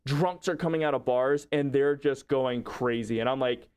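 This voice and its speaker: A man's voice: mid-range voice, moderate pace, smooth. A man livestreaming, casually telling a story to his chat with lots of "like" and restarts. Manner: animated retelling, acting out quotes.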